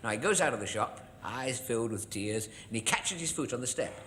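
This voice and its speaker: A man, a comedian, telling a deadpan comic monologue to an audience. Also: medium pitch, fairly quick, a little hiss or hum. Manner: deadpan storytelling with acted quotes. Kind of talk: stand-up monologue to a studio audience.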